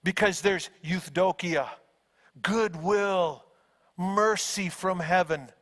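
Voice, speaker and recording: A man's voice: high-pitched, takes it slowly. A man preaching a sermon, telling stories dramatically and raising his voice at key moments. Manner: animated storytelling, acting out angels with shouts. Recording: long hall reverb.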